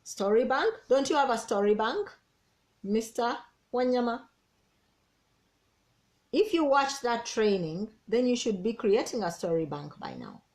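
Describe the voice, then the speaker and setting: Woman, business coach, energetic, persuasive, repeats key points, team training. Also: fairly high pitch, measured pace.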